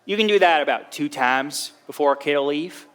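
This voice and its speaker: An actor on a theatre stage telling a long story as a poor drifter, in folksy, rustic speech. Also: male voice, fairly high pitch, normal speed, fairly bright tone, smooth, natural voice. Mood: earnest.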